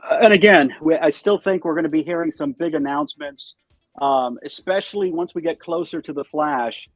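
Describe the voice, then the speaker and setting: A man's voice: a little high, normal speed, no room sound, dull audio, soft background music. A man joining a casual livestream chat as a panelist, hesitant, with frequent uhs. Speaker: guest panelist.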